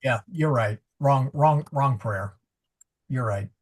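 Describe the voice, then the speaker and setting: In a slow, medium-pitched voice, this man coaches a live video-call class on Latin pronunciation. He's patient and thorough in his explanations, correcting himself as he goes and using many fillers.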